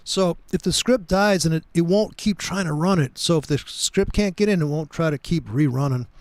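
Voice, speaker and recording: A man's voice: a little high, moderate pace, darkish tone, dry recording. A man hosting a casual group chat about trading, joking and rambling with many restarts.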